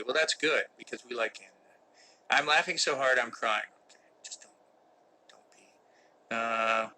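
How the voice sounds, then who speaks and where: Middle-aged man, casual live Q&A, mock-serious humor, very bright edgy tone. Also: mid-range voice, creaky, slight background noise, low-quality recording. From United States. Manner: reads fan questions aloud, joking and mock-serious. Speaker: actor hosting a live Q&A. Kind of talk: casual live-stream chat. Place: indoor room with a window that does not open.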